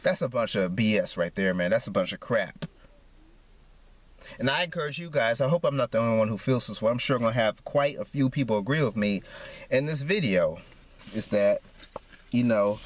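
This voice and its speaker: A man's voice: medium pitch, lively intonation, normal speed, long pauses. A man ranting to camera in a repetitive, heated monologue, tacking "man" onto his sentences. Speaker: vlogger.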